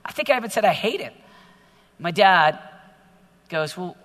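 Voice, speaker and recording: A middle-aged man preaching to teenagers in a large hall, energetic and exhorting, often growing animated. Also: high-pitched, moderate pace. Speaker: youth speaker. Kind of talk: sermon to teenagers. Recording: long hall reverb.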